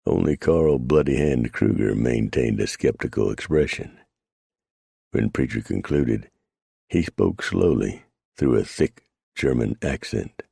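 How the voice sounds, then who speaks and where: A man narrating a western audiobook in a steady storytelling read. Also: rumbling low, gravelly, husky, no room sound, clean studio sound. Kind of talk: scripted narration.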